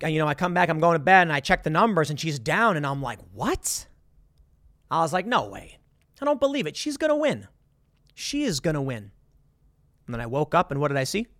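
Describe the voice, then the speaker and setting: Man, emphatic commentator, high lively voice, dry close sound, stammers and quotes people mid-rant. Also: no echo. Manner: emphatic, repeats words and acts out quotes. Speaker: political commentator. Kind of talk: animated monologue.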